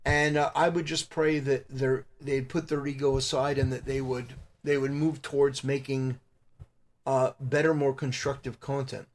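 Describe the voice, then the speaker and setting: A man's voice: medium pitch, little pitch movement. A male content creator lectures in a moralizing, preachy monologue. He stops and restarts often, filling the gaps with hesitant fillers. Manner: moralizing, halting with many fillers. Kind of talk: preachy live-stream monologue.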